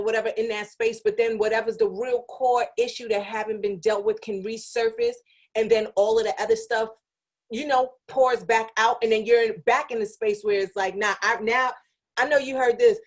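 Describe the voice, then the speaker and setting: A woman's voice: on the high side, fairly even intonation, normal speed, darkish tone. A woman radio personality guesting on a podcast in casual chat, reasoning things through with frequent fillers.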